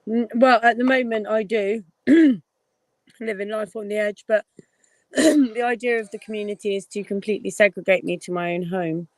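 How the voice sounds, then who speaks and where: A woman guest in casual podcast chat, speaking in a wry, measured way. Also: mid-range voice, fairly even intonation, dry recording.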